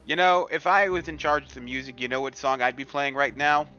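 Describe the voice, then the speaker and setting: A man's voice: mid-range voice, brisk, highs cut off, music in the background. A man playing a tabletop game, joking around and swearing casually. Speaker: player.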